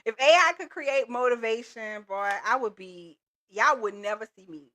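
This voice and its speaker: Woman coach hosting a live stream; bright, higher voice, pumped-up and slangy. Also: normal speed. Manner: upbeat, motivational, casual slangy talk. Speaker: business coach and livestream host. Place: Texas.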